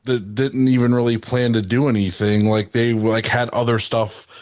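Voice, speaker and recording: A man's voice: mid-range voice, little pitch movement, normal speed, a little mellow, no room sound, studio quality. A man co-hosting a casual podcast who sounds tired and talks in a laid-back, teasing way and swears offhandedly. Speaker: podcast co-host. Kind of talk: casual chat.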